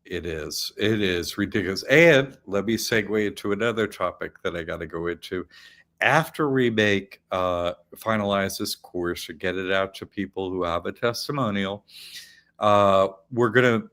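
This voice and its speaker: This is a male host with a low voice, talking casually to his audience. He rambles and often restarts his sentences, with frequent light laughs. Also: normal speed, fairly bright tone. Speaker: host of an online academy show. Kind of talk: casual chat.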